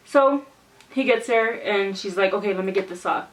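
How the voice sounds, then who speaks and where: Animated young woman telling a story. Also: medium pitch, unhurried, far from the mic, rough recording. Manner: animated, exclaiming, acts out quotes. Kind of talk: casual storytime vlog.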